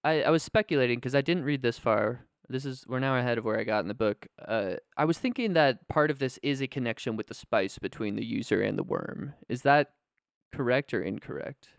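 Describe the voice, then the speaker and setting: A man's voice: medium pitch, a little fast, gravelly, clear, resonant tone, dry recording, clean studio sound. A man co-hosting a casual film podcast, musing and laughing often. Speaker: podcast co-host. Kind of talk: casual chat.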